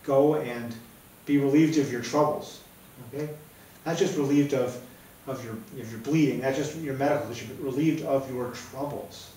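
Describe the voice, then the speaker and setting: A man's voice: fairly high pitch, darkish tone, slight background noise. A man preaching a sermon in a conversational way, often checking in with "right?". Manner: conversational, keeps asking "right?". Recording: very echoey room, mic far off.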